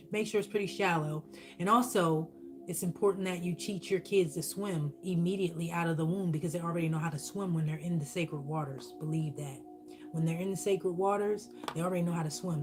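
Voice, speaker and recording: A woman's voice: lowish voice, a little mellow. A woman giving a channeled spiritual reading while eating on camera, casual, profane and blunt. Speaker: spiritual reader.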